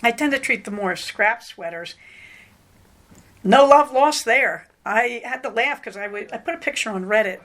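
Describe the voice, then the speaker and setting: A woman's voice: medium pitch, a little fast, few pauses, bright, forceful tone. A middle-aged woman hosting a podcast, talking in a rambling, self-deprecating way with frequent fillers. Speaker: podcast host. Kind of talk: casual podcast monologue.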